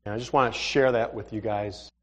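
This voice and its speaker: A man's voice: lowish voice, brisk. A male pastor telling stories in a conversational sermon, acting out the dialogue as he goes. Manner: animated, conversational, acts out dialogue. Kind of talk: sermon storytelling. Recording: reverberant hall.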